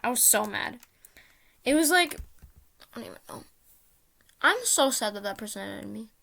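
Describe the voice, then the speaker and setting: A woman's voice: fairly high pitch, animated, moderate pace, gravelly, sharp tone, slight background noise. A woman vlogger telling a casual, rambling story with lots of fillers, often mocking herself.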